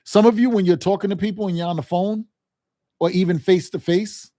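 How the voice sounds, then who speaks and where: A man's voice: sits high, fairly even intonation, fairly quick, warm tone, dry recording, studio quality. A man coaching a sales lesson, talking emphatically in casual vernacular and repeating "right?" and "okay?" to his listeners. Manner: emphatic, repetitive, direct address with frequent "right?" and "okay?"; acts out quoted phone calls and family scenes in livelier voices.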